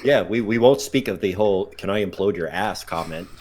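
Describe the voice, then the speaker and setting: A young man co-hosting a podcast, an animated storyteller with crude jokes. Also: low voice, brisk, very noisy. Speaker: podcast co-host. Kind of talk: casual chat.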